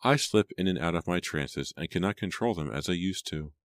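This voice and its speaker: A man's voice: low-pitched, expressive, fairly quick, no echo, studio quality. A man narrating an audiobook voices a woman mystic who follows the spirits and talks in a dreamy, insistent way. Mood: otherworldly.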